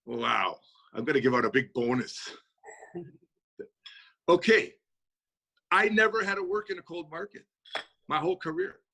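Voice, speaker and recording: Fast-talking, bright-voiced man. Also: a little high. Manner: fast-talking, energetic, folksy. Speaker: speaker answering audience questions. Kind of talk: motivational Q&A talk. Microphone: video call.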